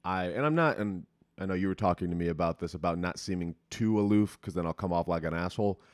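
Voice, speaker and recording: A man's voice: sits low, quick pace, dry recording. A young man hosting a podcast, chatting candidly and rambling with casual swearing into a close mic. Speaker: podcast host. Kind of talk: casual chat.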